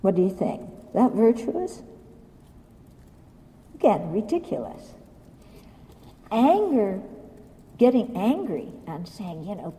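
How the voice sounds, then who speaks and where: A woman teaching Buddhist ideas at a slow, deliberate pace, blunt and pointed as she questions her listeners. Her voice is dark and mellow, and a long hall reverb trails behind each phrase. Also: a little high, big pitch swings. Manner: blunt, questioning, acts out quotes. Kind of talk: dharma talk.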